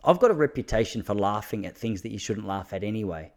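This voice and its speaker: A young Australian man talking casually to his listeners, self-mocking and quick to laugh, with lots of restarts. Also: lowish voice, expressive.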